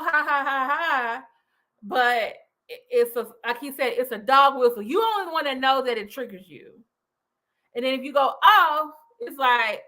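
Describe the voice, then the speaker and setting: A woman's voice: on the high side, pushed and bright. A woman hosting a reaction commentary, chatty and loose, with lots of fillers. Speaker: host reacting to a video.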